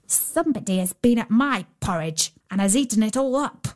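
A woman's voice: a little high, lively intonation, normal speed, darkish tone, natural voice. A woman voicing a small young male bear in a storybook reading. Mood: plaintive. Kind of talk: storybook narration.

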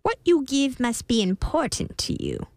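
A woman voicing a sly odd little male imp who bargains, with a drawn-out, teasing manner. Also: high-pitched, huge pitch swings, a little mellow, no echo, studio quality, pitched above the performer's own voice, exaggerated voice.

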